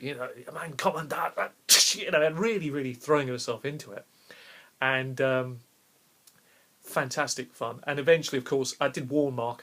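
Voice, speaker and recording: A man's voice: medium pitch, fairly bright tone. A man, a game master recounting a favourite role-play session in a rambling, enthusiastic way. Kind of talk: casual storytelling to camera.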